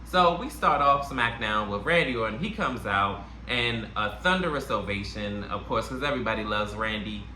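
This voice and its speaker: A man with a New York accent recaps wrestling shows in a loose, slangy, animated way. His voice is bright and cutting. It sounds like he's talking in an echoey room, with faint noise under it. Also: lowish voice, normal speed, few pauses. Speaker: wrestling review host. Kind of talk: casual YouTube review.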